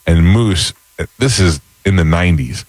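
A man's voice: sits low, measured pace, dry recording. A middle-aged man hosting a morning radio show, chatting casually and telling stories with animation. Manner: storytelling, animated.

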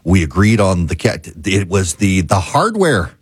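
A male radio host talks casually on air and rambles, repeating and restarting his words. His voice is fairly low, and the studio sound is dry and close. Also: steady tone, normal speed, darkish tone, husky, no room sound. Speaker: radio talk show host. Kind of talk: casual chat.

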